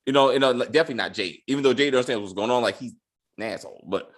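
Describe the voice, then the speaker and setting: A man co-hosting a casual TV review, animated and acting out characters' lines in funny voices. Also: mid-range voice, very fast. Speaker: podcast co-host.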